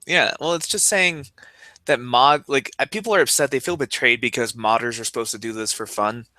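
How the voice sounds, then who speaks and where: Male co-host, bright and crisp, quick opinionated banter, dry close mic. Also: medium pitch, no room sound. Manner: quick, opinionated quips with frequent laughs. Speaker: podcast co-host. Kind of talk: casual chat.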